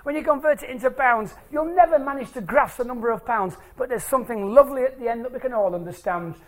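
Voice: medium pitch, quick pace. A stage presenter doing maths tricks live for an audience in a hall, playful and jokey as they draw the crowd in.

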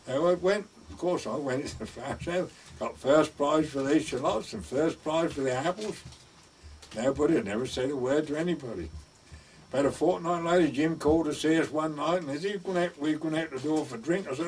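A man's voice: a little high, expressive, brisk, distant mic, slight background noise. An older man telling village anecdotes in a chatty way, with dry humor. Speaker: village storyteller. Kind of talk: oral-history storytelling.

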